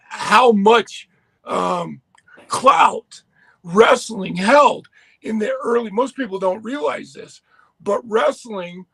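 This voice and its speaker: A man co-hosts a loose podcast conversation, piling up enthusiastic tangents. His voice sits high, and the recording is dry with no room sound. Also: gravelly, a bit bright, no echo. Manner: enthusiastic, rambling storyteller with restarts. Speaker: podcast co-host. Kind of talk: casual chat.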